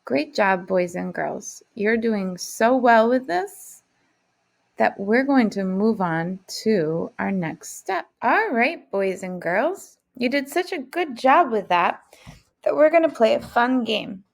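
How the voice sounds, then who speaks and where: Slow, patient woman teacher with gravelly voice. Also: on the high side, animated. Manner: slow, patient, encouraging classroom delivery. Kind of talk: phonics lesson for young children.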